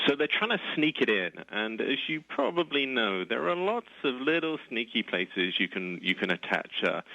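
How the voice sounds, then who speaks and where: Phone-in guest, man, low bright voice, very lively, dull lo-fi line. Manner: explanatory, halting with fillers. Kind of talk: phone interview.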